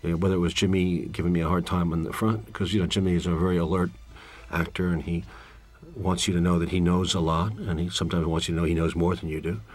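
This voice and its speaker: A man with a deep voice talks through a film in a director's commentary. He rambles from story to story, candid and a little wry. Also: flat delivery, quick pace.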